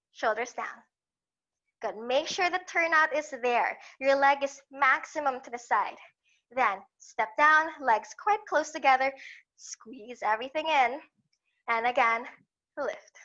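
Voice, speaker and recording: High, bright-voiced woman leading barre class. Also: dull audio. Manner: calm, encouraging step-by-step cueing with counts. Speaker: barre fitness instructor. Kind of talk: guided exercise class cues.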